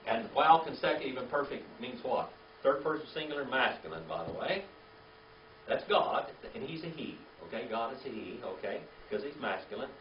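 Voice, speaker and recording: A man's voice: mid-range voice, big pitch swings, normal speed, a little hiss or hum. Man drilling Hebrew words with a class. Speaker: Bible teacher. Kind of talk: Bible class teaching with call-and-response. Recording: roomy, distant, dull lo-fi sound.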